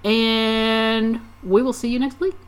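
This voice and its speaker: A woman's voice: on the high side, flat delivery, slow, smooth. A woman co-hosting a casual podcast, telling chatty stories and laughing often. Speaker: podcast co-host. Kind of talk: casual chat.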